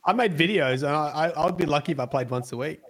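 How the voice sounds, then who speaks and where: Relaxed, teasing male co-host. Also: a little high, quick pace. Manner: relaxed, teasing, repeats words as he asks. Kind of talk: casual gaming chat.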